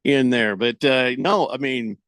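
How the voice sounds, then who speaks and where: A man's voice: mid-range voice, unhurried, fairly bright tone, dry recording. A man hosting a casual sports radio show, rambling and joking, often stumbling over words and acting out quoted voices. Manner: rambling, jokey, stammers and restarts; acts out quoted voices for laughs.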